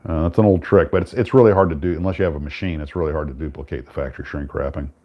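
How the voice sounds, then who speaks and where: Host, male, very low voice, easygoing rambling chat, dull lo-fi sound. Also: racing. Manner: relaxed, rambling with many restarts. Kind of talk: casual chat.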